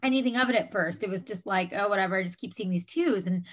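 A woman's voice: medium pitch, quick pace. A woman in her thirties, a podcast guest, chatting casually and telling a personal story with lots of fillers. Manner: chatty, many fillers, animated retelling.

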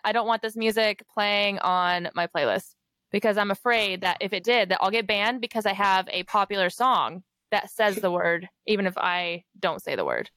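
A woman's voice: medium pitch, a bit bright, no echo. A woman leads a casual online chat and talks in a rambling, slightly nervous way. Her voice is dry and close, with no room sound. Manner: anxious, rambling.

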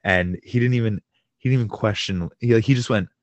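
A man's voice: lowish voice, brisk, no room sound, highs cut off. A young man co-hosting a sports podcast, chatting casually and getting worked up, swearing and laughing as he tells stories. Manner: excitable, swears, laughs while telling stories. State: home with a fractured shin. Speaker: podcast co-host.

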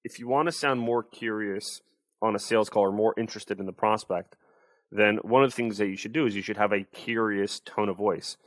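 A man's voice: on the low side, fairly even intonation, a little fast, no room sound. A young adult man, a sales coach, explaining and demonstrating tones of voice in a casual interview.

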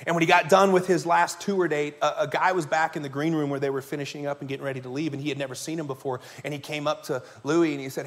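A man's voice: fairly high pitch, steady tone, quick pace, few pauses. A man preaching a sermon as pastor to his congregation, telling stories in a conversational way and asking the listeners questions. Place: church sanctuary before a congregation.

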